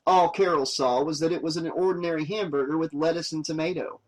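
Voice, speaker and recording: A man reading a horror novel aloud as an audiobook narrator, steady and plain. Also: fairly high pitch, fast talker, few pauses, rough recording.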